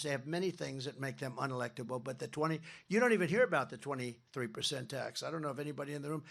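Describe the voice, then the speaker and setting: Older male candidate in his 70s, high gravelly voice, digressive and boastful on stage. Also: bright, forceful tone. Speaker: political candidate. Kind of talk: campaign rally speech. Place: large rally venue. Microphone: podium mic.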